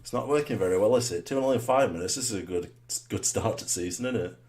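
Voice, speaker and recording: A man giving live commentary on his own football game, muttering rhetorical asides and breaking into sudden excited shouts. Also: on the low side, fast.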